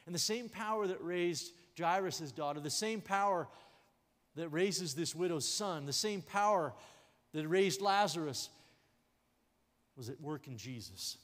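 Animated preaching man in a reverberant church. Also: on the high side, measured pace. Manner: animated preaching with sudden drops to a hush; jokey asides. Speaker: pastor. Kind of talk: sermon. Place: church sanctuary. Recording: long hall reverb in a church sanctuary.

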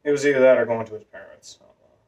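A vlogger with a masculine voice telling a long personal story in a rambling way, full of fillers and restarts. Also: male voice, medium pitch, rapid-fire, darkish tone, muffled recording. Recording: voice a bit far from the mic.

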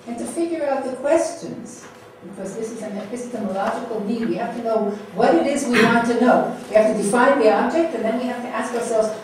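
A middle-aged woman giving a keynote academic lecture, measured and posing rhetorical questions to the audience. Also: medium pitch, darkish tone, slight background noise. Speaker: keynote speaker. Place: lecture hall. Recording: echoey hall, distant mic.

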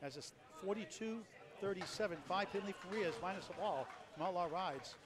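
A man giving live play-by-play on a bowling match, rattling off scores and plugging the channel. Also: sits high. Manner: rapid score calls, lively promo plugs. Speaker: play-by-play commentator. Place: bowling alley. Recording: loud crowd in a bowling hall.

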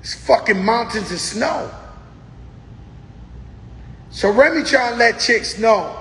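A man's voice: extremely high pitch, animated, slow pace, long pauses, fairly bright tone, a little hiss or hum. Profane, boisterous male talk-show host. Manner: boisterous, profane storyteller who acts out quotes. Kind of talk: casual monologue to viewers. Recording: roomy echo with long reverb.

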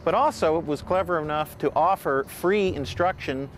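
A man with a somewhat raised pitch explains precisely in a documentary interview. Faint noise sits behind his voice. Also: moderate pace. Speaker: interviewed expert.

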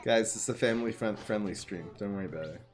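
A young man giving casual live commentary on his card game, excitable and jokey, muttering one moment and loud the next. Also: lowish voice, fast, faint music behind. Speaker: gaming streamer.

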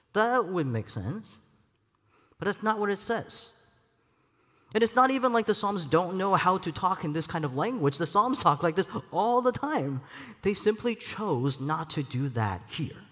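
A man delivers a sermon as a church elder. His voice sits a little high, and he is reflective and candid, with light self-deprecating humor. The sound carries a long reverb, like a large sanctuary.

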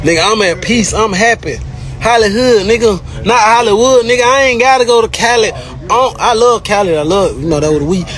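Squeaky-voiced man, boastful livestream rant, profane and repetitive. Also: fairly quick, fairly bright tone. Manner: brash, repetitive, profane, taunting. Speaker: rapper ranting on a livestream.

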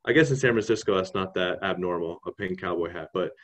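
A man in a casual podcast conversation, relaxed and given to tangents and fillers. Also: low voice, quick pace. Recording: dull lo-fi sound.

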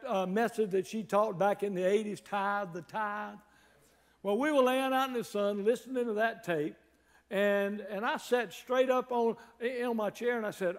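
A man's voice: high-pitched, big-room sound. A man, preaching an exuberant, joking sermon as guest pastor. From North Carolina. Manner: fiery, joking, shouts to the congregation. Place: church sanctuary. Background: congregation responding.

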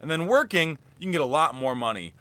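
Chatty young man with a bright voice. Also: on the high side, sing-song, fast talker. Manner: rambling, chatty, restarts often. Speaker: thrift reseller vlogger. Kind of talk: casual live-stream haul chat.

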